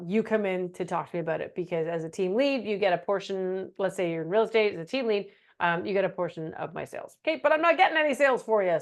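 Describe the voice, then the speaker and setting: A middle-aged woman presenting a webinar in a casual, animated teaching style, slipping into meek voices for examples. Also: medium pitch. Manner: animated, acts out quoted phrases in a meek voice.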